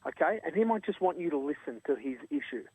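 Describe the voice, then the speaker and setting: A man's voice: fairly high pitch, animated, fast talker, mellow, husky, dry recording. An Australian man, a charity co-founder, telling an earnest, emphatic story in an interview. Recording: tinny phone line.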